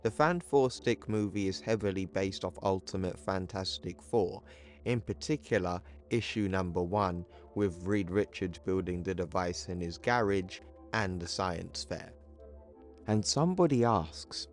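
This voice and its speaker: Slow low-voiced man narrating comics. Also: soft background music. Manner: casual, conversational. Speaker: comic book YouTuber. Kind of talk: comic book recap narration.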